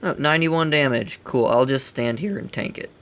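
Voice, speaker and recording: A man with a gravelly voice hosting a casual let's play, giving blunt, grumbling critique as he plays. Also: medium pitch, moderate pace, fairly bright tone. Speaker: gaming channel host.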